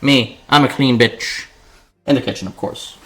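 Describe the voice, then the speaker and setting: A man's voice: mid-range voice, moderate pace, background noise. A man streaming himself cooking in his home kitchen, chatting with viewers in a playful, profane, casual way. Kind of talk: casual cooking livestream chat.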